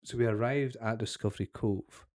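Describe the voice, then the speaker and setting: A man's voice: mid-range voice, steady tone, normal speed, darkish tone, dry recording, clean studio sound. A young man, a podcast co-host, chatting casually and telling a long, sweary anecdote with acted-out quotes. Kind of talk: casual chat, storytelling.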